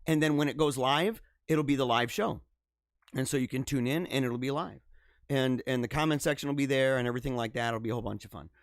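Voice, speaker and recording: In clean studio sound without any room sound, a medium-pitched man hosts a live stream, riffing casually. His commentary is full of laughter, stammered restarts, and mock disbelief, animated and incredulous throughout.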